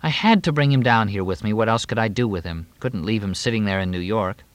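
A man's voice: lowish voice, expressive, brisk, no room sound, close to an everyday voice. A man reading an audiobook, voicing a weary, unhappy young actress in a raised, lighter tone. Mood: exasperated.

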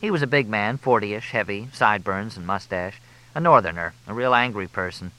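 Ein Mann als nüchterne, große Masseurin. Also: male voice, lowish voice, a little fast, bright, forceful tone, no echo, low-quality recording. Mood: uneasy. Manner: matter-of-fact, chatty storytelling. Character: big blonde female masseuse, plain-spoken, uneasy.

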